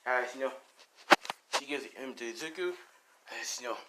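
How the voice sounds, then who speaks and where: A man improvising a fan-fiction action story, animated and profane, full of sound effects. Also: medium pitch, normal speed, a little hiss or hum.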